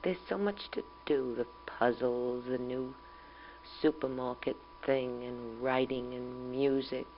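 Young mother, low voice, calm and tender, reflective spoken letter on a muffled home tape with a faint hum. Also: slow. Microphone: home tape recorder.

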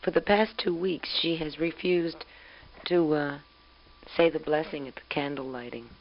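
A woman's voice: sits low, fairly even intonation, moderate pace, a little hiss or hum. Fond woman on a dull old tape. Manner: fond, chatty, amused. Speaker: mother recording a tape letter to her husband. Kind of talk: intimate spoken letter on tape.

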